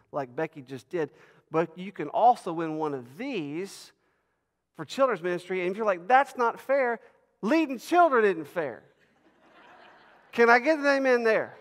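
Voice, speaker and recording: Animated man lecturing in a hall. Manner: animated, rises in pitch and volume for emphasis. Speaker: Bible lecturer. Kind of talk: lively teaching lecture. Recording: long reverb of a large hall.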